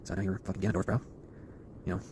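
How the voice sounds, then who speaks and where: Rapid-fire ranting man. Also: sits low, level tone, background noise. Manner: intense, swearing, preachy. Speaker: online video creator. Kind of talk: fast rant to camera.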